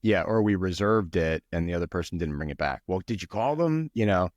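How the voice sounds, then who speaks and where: A man's voice: sits low, lively intonation, a little fast, dry recording, studio quality. A man on a podcast chatting casually and often agreeing with the others. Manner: agreeable, frequent backchannel remarks. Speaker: podcast co-host. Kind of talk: casual chat.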